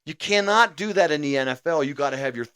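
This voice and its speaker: A man's voice: a little high, lively intonation, fast talker, bright, forceful tone, smooth. A man co-hosting a podcast in casual sports chat, emphatic and opinionated. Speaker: podcast co-host.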